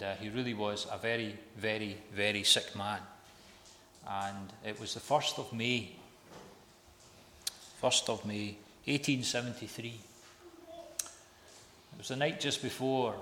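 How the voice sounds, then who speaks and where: Bright-voiced man preaching in an echoey hall. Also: medium pitch, slight background noise. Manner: emphatic, repeats phrases for effect. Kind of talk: storytelling sermon. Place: large hall. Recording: echoey hall with long reverb.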